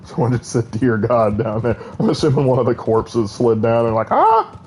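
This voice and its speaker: A man's voice: mid-range voice, fairly even intonation, a little fast, warm tone, slight background noise. Chatty man streaming a game. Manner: chatty and rambling, laughs often. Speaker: gaming streamer. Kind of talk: casual live-stream commentary.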